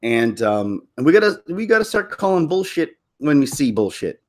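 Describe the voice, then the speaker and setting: A man's voice: a little high, sing-song, normal speed. A man talking through his opinions in a casual vlog, rambling with many restarts and laughing at his own jokes. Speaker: YouTube commentator.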